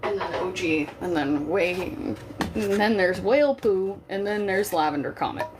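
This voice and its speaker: A woman's voice: fairly low pitch, lively intonation, normal speed, background noise. A young woman hosting a casual livestream, chatting candidly with her viewers and swearing freely. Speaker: livestream host. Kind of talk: casual chat to a live chat.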